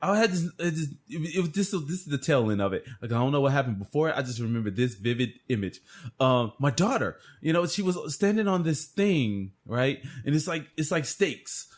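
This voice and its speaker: A man co-hosting a podcast, chatting casually and telling stories in a profane, animated way with frequent laughter. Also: a little high, fairly quick. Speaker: podcast co-host. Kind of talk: casual chat.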